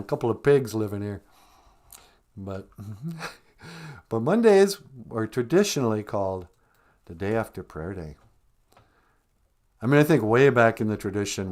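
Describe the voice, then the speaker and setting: Chatting casually on his live stream, this northern Minnesota host rambles, cracks jokes, and laughs often. He has a lowish, slightly mellow voice.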